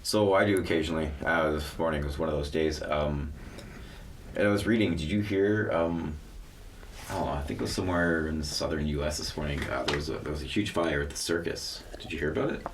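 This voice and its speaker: Deep-voiced deadpan man. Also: fairly quick, slight background noise. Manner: deadpan joking. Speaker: podcast guest. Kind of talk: casual chat.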